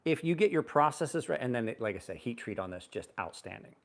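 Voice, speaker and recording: A middle-aged man talks casually on a livestream about knives. His voice sits at an ordinary middle pitch. He is blunt and swears freely, and he gets animated as he tells his stories. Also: brisk. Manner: blunt, profane storyteller, animated. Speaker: knife channel host on a livestream.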